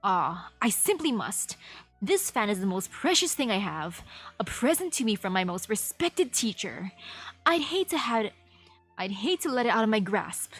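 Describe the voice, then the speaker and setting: A woman puts on a proud, refined young man from a video game, speaking slowly in formal, old-fashioned phrases. His voice is slightly husky and sits near the middle of a woman's range. Soft game music plays underneath. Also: mid-range voice, sing-song, no echo. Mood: courtly.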